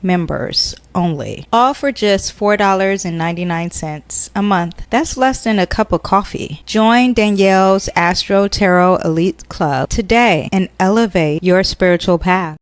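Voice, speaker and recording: A woman putting on the voice of a polished female commercial announcer delivering a slow, emphatic sales pitch. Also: no echo, lightly acted. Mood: salesy.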